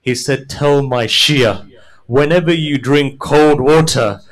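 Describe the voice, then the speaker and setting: Man, preacher, mourning sermon, storytelling with quoted dialogue, climbs to loud wailing grief, middle pitch. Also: slow, low-quality recording. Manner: builds from soft storytelling to high, loud, wailing climax; quotes figures in dialogue while narrating. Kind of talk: Muharram sermon, mourning narration.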